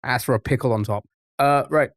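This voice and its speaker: A man's voice: medium pitch, a little fast, dry recording, clean studio sound. Rambling, chatty male streamer. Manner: rambling, chatty, trips over words. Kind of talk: casual live-stream chat.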